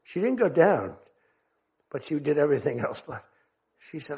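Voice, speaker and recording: A man's voice: on the high side, big pitch swings, normal speed, darkish tone, slightly rough. An older American man giving a rambling speech to a crowd, telling stories and acting out quotes. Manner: rambling, repetitive storytelling with acted-out quotes.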